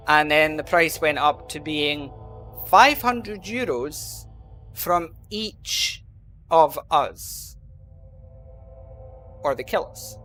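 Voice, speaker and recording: A sharp-toned, somewhat high male voice belongs to a Scottish gaming channel host with a mild Glasgow accent. While playing, he tells a long story in a meandering, casual style, constantly dropping in "um" and "you know."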